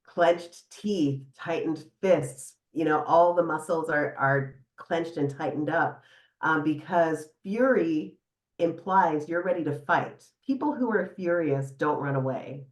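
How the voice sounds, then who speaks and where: A middle-aged woman psychotherapist talking casually as a podcast guest, animated, laughing now and then as she explains. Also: sits low, slow. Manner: animated, laughs often, guides listener through exercise. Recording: echoey room.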